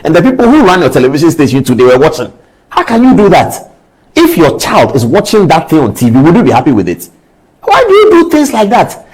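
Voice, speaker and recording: A man's voice: a little high, a little mellow, husky, poor audio. A man with a Ghanaian accent gives impassioned commentary, firing off indignant rhetorical questions. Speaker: news commentator.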